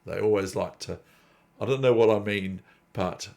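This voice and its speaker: Chess host, New man, low gravelly voice, meandering casual chatter. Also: moderate pace, darkish tone. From New Zealand. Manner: digressive, chatty, self-deprecating. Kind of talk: casual rambling commentary.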